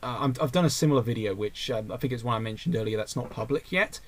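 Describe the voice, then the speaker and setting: A young man with a voice of middling pitch hosts a loose, casual podcast over a voice call. He reads out listener questions and rambles through his answers, often stopping and restarting mid-thought. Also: fast talker, dry recording.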